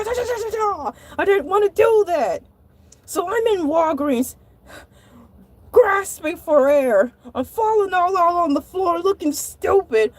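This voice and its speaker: A woman voicing an excitable male shark who tells a comic story in a dramatic, exasperated way and sometimes bursts into shouting. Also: very high-pitched. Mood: panicked. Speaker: show host.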